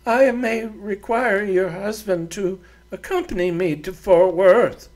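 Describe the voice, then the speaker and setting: A man voicing a haughty high-pitched frontier lady. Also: slow, a little mellow. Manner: imperious, high put-on voice. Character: haughty prim frontier woman, demanding.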